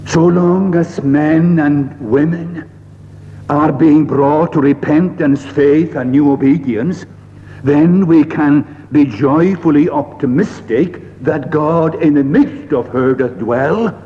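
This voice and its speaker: A man preaching a sermon in a slow, measured way, pausing often and quoting old scripture phrasing, recorded in a church. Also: on the high side, slight background noise. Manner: slow, measured delivery with frequent "uh" pauses and archaic scripture phrasing. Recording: dull lo-fi recording in a reverberant hall.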